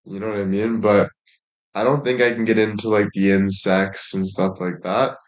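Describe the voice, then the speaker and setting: A man's voice: on the low side, flat delivery, normal speed. A man chatting casually as a streamer, rambling along with heavy swearing and plenty of filler words. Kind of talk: casual chat.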